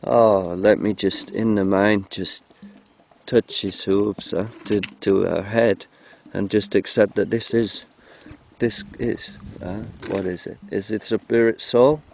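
A man's voice: on the low side, fairly even intonation, slow pace, creaky, a little mellow, a little hiss or hum. A man filming in a cold outdoor field, rambling and joking in loose commentary to the camera, breaking into chanted mantras. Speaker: vlogger filming animals.

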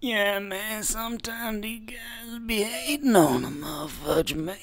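A man voicing a swaggering, laid-back male gangster type with a slow, slangy drawl. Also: sits high, no room sound, voice pushed up. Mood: boastful.

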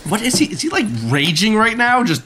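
A man's voice: high-pitched, big pitch swings, a little fast, sharp tone, slight background noise. A man co-hosting a let's play, chatting casually, laughing often and swearing freely as he reacts to the game. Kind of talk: casual gaming banter.

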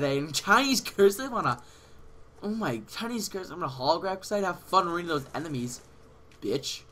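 A teenage man commentating his own gameplay casually, excitable and swearing, with sudden yells at other players, on a headset mic. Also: high-pitched. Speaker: gaming channel host.

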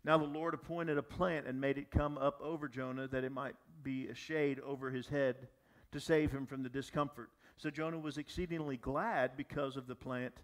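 A man preaching a sermon as pastor, talking animatedly with frequent restarts and asides to the audience. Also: medium pitch. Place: church or gathering space for young adults.

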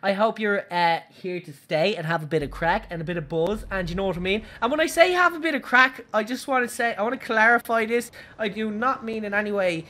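A young Irish woman giving excitable, giggly live commentary while playing a driving game, shrieking at her crashes. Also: medium pitch, fairly quick, hardly any pauses. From Ireland. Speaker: game streamer. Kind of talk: live gaming stream commentary.

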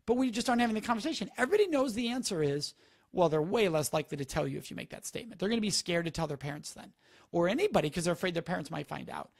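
On a live stream, a man speaks to a live audience about preventing sexual assault, offering earnest, instructive advice and repeating key words for emphasis. His high voice is rapid-fire, with lively intonation and vocal fry.

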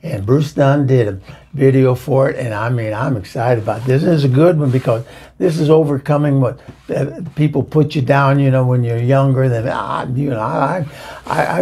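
Man doing a rambling middle-aged gal host, gravelly, husky, dark, gossipy comic monologue. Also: mid-range voice, moderate pace. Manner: rambling, gossipy, chuckling storyteller. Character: chatty bawdy middle-aged woman show host. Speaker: host introducing a music video. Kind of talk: comedic character monologue.

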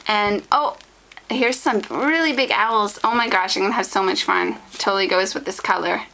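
Unwrapping a package of scrapbooking supplies, a woman vlogger talks casually at normal speed in a creaky, mid-range voice. She's delighted and excited, addressing her audience as "guys," on a low-quality recording.

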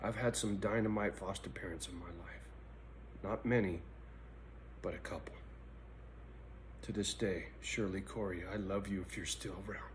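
A middle-aged man vlogging in a blunt, profane personal monologue that swings between angry ranting and quiet reflection. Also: low voice, steady tone, normal speed, long pauses, a little hiss or hum.

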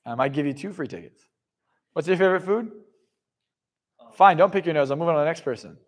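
A man giving a live motivational seminar talk to an audience, blunt and profane, swinging from loud outbursts to hushed asides. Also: fairly high pitch, lively intonation, fast. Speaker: motivational speaker.

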